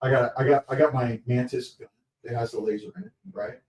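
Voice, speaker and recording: A man telling lively stories on a podcast recorded live at an event, laughing often and acting out what people said. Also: medium pitch, brisk, far from the mic. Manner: energetic, laughs often, acts out quotes. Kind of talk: animated storytelling. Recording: echoey, off-mic at a live show.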